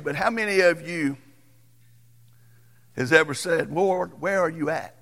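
Folksy preacher with gravelly voice. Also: male voice, fairly high pitch, a bit bright, in a large hall. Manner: folksy, conversational, quick to chuckle. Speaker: pastor. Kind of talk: storytelling sermon.

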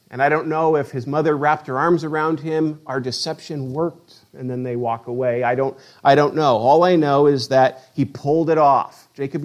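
A man preaching a sermon, reading scripture with slow drama between conversational asides. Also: mid-range voice. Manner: reads scripture slowly and dramatically, then talks conversationally. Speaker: pastor.

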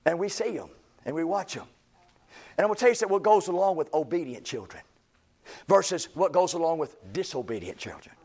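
A man's voice: fairly high pitch, expressive, brisk, a little mellow, breathy edge. A male preacher, delivering a sermon in a church with a repetitive, emphatic cadence.

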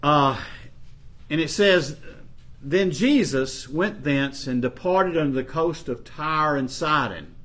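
Reading scripture aloud and unpacking it, a preacher speaks slowly and earnestly, lifting his voice to stress the quotations. His voice is on the high side with a fairly bright tone.

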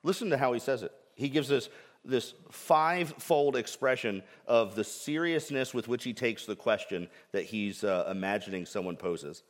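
A man's voice: medium pitch, expressive, normal speed, big-room sound. A man preaching a sermon with earnest emphasis and frequent rhetorical questions. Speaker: pastor.

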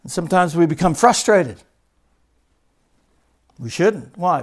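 A man preaching a sermon as pastor, moving between loud, emphatic declarations and hushed, stressed words, with a repetitive preaching cadence. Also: a little high, lively intonation, slow, long pauses.

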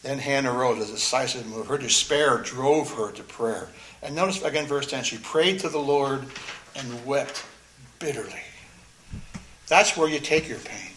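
A man's voice: mid-range voice, unhurried, a bit bright, echoey room, a little hiss or hum, poor audio. A man preaching a sermon, reading scripture aloud and explaining it, earnest and emphatic, repeating phrases for stress. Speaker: pastor.

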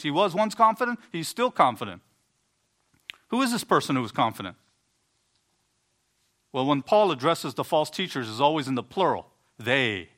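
A man's voice: on the high side, sharp tone. Man preaching an earnest sermon. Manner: earnest preaching with rising emphatic bursts and stumbles. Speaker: pastor.

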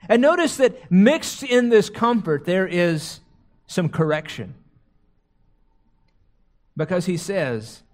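A man's voice: high voice, big pitch swings, a little slow, pauses often. A man preaching a sermon, retelling a scripture story dramatically, often repeating words as he goes. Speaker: pastor.

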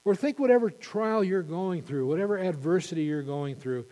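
A male pastor preaching an impassioned sermon, building to loud emphatic peaks. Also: sits high, expressive, normal speed, long reverb tail.

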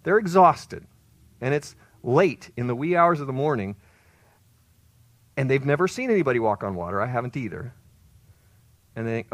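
Expressive male preacher, dry sound. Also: moderate pace, no echo. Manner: expressive, rises to loud emphasis then drops low. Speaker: pastor. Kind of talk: sermon.

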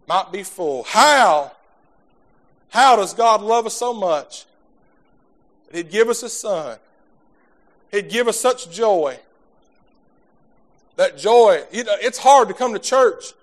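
A man's voice: sits high, lively intonation, slow, pauses often. A man preaching a sermon in a folksy, fervent way, stumbling over repeated words as he talks to his congregation. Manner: fervent preaching, swells from soft talk to shouting.

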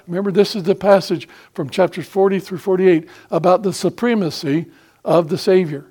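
A man's voice: high voice, darkish tone. A man preaching a fervent sermon, quoting scripture and asking rhetorical questions, with frequent hesitations and restarts.

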